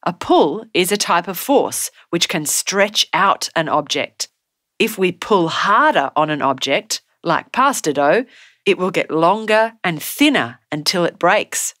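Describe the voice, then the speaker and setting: Woman, children's story narrator, slow and gentle, dry close sound. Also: fairly low pitch, expressive, no room sound.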